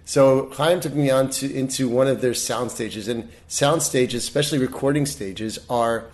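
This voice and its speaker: A middle-aged man talks as a guest in a relaxed interview. He tells stories animatedly and restarts his sentences often, at a pitch of ordinary height. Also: moderate pace. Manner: animated storyteller, many restarts. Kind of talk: casual interview storytelling.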